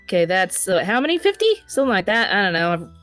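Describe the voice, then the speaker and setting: A woman's voice: medium pitch, expressive, quick pace, fairly bright tone, soft background music. A woman player describing her character's actions in a casual tabletop role-play, rambling with fillers. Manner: rambling, full of fillers and laughs.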